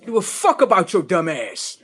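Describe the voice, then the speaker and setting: Male live streamer, high-pitched and animated, with a profane, slangy rant. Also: moderate pace, slightly rough.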